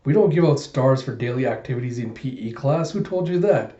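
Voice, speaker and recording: A man's voice: medium pitch, animated, warm tone, lightly acted. Male reviewer reading a formal, strict headmaster; dull, roomy sound. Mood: stern. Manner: formal, measured. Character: stern older male school headmaster. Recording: echoey room, dull sound.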